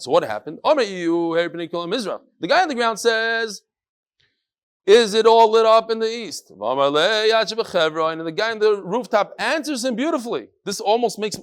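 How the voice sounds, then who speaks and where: A man's voice: sits high, unhurried, hardly any pauses. A man teaching a Daf Yomi Talmud class in English peppered with Hebrew and Yiddish terms, animatedly acting out the dialogue in the text. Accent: yeshivish English with Hebrew and Yiddish terms. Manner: animated, acts out dialogue in raised voices.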